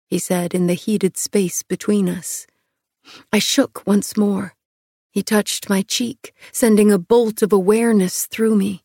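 Unhurried woman narrating a romance. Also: medium pitch, steady tone, mellow, dry recording, clean studio sound. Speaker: audiobook narrator. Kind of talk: first-person romance narration.

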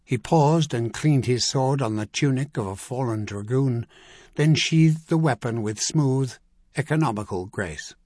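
A man's voice: medium pitch, a little mellow, no room sound. Man narrating an audiobook, dry and close. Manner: measured, vivid storytelling with acted dialogue.

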